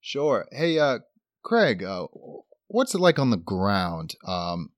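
A man's voice: on the low side, very animated, takes it slowly, no room sound. A man playing a formal studio news anchor in a comedy improv bit, with a mock-serious delivery.

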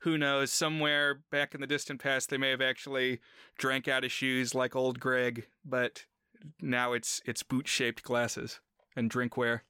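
A man's voice: medium pitch, level tone, a little slow, bright, forceful tone, smooth, dry recording, clean studio sound. A man co-hosting a podcast in casual chat, retelling scenes from a comedy sketch. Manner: retells sketch scenes, briefly mimicking lines. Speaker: podcast co-host.

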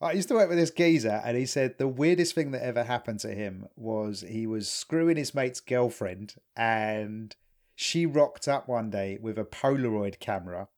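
A man's voice: mid-range voice, a little mellow. A man co-hosting a podcast, telling rambling anecdotes in casual chat, laughing and restarting as he goes. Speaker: podcast co-host.

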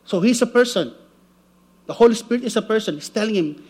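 A man preaching with an unusually high voice, lively and playful, who keeps tossing out "okay?" to the room. His delivery stops and restarts as he works through his points. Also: quick pace. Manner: animated, jokey, checks in with "okay?" and "right?". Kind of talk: church teaching with slides.

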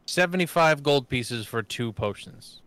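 A man's voice: mid-range voice, lively intonation, measured pace, a bit bright. A man talking casually as a player in a tabletop game, matter-of-fact.

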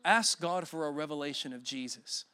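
A man's voice: on the high side, normal speed, pushed and bright, smooth, dry recording. A man in his forties preaching a sermon as a guest speaker, telling emotional stories with self-deprecating humor.

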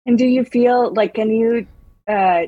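Woman asking questions, husky kinda low voice, lots of um and restarts, dry close sound. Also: fairly even intonation, dry recording, highs cut off. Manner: hesitant, halting restarts. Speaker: interviewer. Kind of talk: casual conversation.

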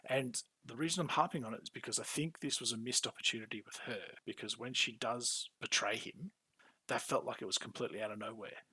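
A man's voice: mid-range voice, breathy edge, no room sound, poor audio. A man co-hosting a podcast recap, talking casually and animatedly, swearing freely and acting out characters' lines. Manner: animated, acts out characters' lines in quick bursts. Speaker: podcast co-host.

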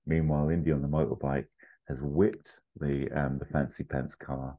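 A man hosting a podcast, casually pitching an adventure story with fillers, asides and chuckles. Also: little pitch movement, moderate pace. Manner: rambling, full of fillers and asides, chuckles at own jokes. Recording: slightly muffled lo-fi audio.

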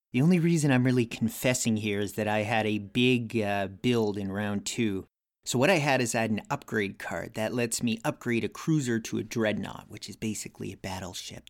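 A man recording a board game confessional, explaining his moves step by step. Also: on the low side. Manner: explanatory, methodical.

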